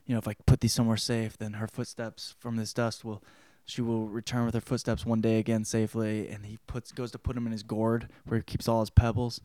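A man's voice: lowish voice, flat delivery, fairly quick, dry recording. Profane, rambling man retelling a book. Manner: profane, rambling retelling with sudden loud quoted outbursts. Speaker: podcast host. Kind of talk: casual spoken book report.

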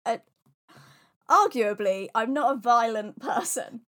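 A young woman co-hosting a podcast, telling self-deprecating stories in an animated, casual way. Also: fairly high pitch, slow pace. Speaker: podcast co-host. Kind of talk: casual chat.

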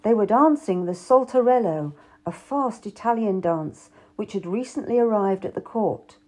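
A woman's voice: medium pitch, animated, moderate pace, a little mellow. A woman narrating a historical novel in the first person, reading expressively. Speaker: audiobook narrator.

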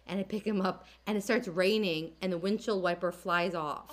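A young woman in her twenties telling funny dating stories in an animated, laughing way. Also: fairly low pitch, normal speed. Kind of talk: casual chat, storytelling.

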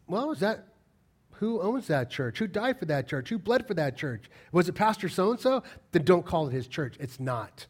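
A man's voice: high voice, sing-song, moderate pace. Emphatic male pastor preaching. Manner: emphatic, rhetorical questions, swings between loud and quiet. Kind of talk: sermon.

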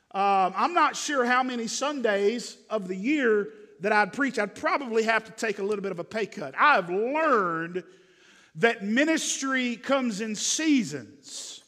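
Earnest high-voiced male pastor preaching. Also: in a large hall. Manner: earnest preaching, drops soft and gentle for grief. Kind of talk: sermon. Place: church sanctuary.

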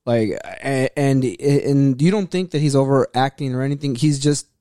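A man telling stories in casual chat, animated and profane, often restarting his sentences. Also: mid-range voice, normal speed, no room sound, studio quality.

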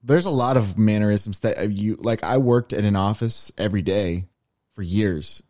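A man's voice: on the low side, normal speed, a little mellow, no echo, studio quality. A man co-hosting a podcast in casual chat, rambling through explanations with lots of fillers. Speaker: podcast co-host.

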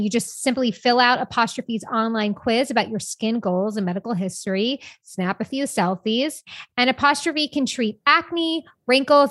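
A woman's voice: on the high side, a bit bright, no echo. A woman co-hosting a podcast, joking with friends in a playful, mock-offended way and reading an ad. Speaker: podcast co-host. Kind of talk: casual chat, ad read.

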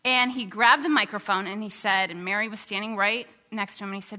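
A woman's voice: medium pitch, brisk. A woman preaching a sermon in a chatty, storytelling way with lots of fillers, in a large hall. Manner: conversational, animated, many fillers. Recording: long hall reverb.

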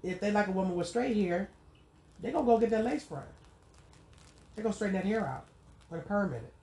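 A woman's voice: medium pitch, expressive, fairly quick, mellow. Rambling, colloquial woman podcaster. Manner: rambling and colloquial, with frequent "you know what I'm saying". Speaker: podcast host. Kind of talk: casual spoken monologue.

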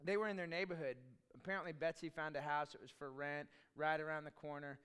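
A man's voice: fairly high pitch, steady tone, quick pace, a bit bright, clean tone. A man preaching a sermon as pastor, in a conversational, storytelling way with chatty asides.

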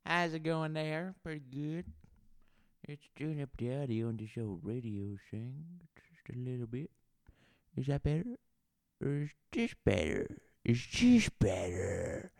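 Man putting on a foul-mouthed Southern bar owner, rambling and gravelly, dry close sound. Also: mid-range voice, dry recording. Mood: fiddling, chatty. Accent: put-on Southern US. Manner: crude, rambling, swears a lot. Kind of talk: improvised character comedy.

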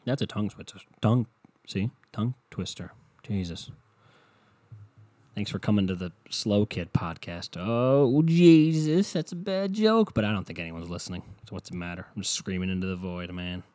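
A man's voice: on the low side, normal speed, darkish tone, no room sound. A man hosting a solo podcast, ranting in a scatterbrained, profane way from a hot indoor room. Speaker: podcast host.

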